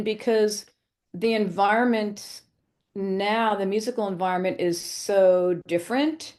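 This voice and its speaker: A woman's voice: medium pitch, fairly even intonation, a little slow, darkish tone. A woman flutist being interviewed on a podcast, explaining things in an informative, conversational way with occasional ums. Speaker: flutist guest.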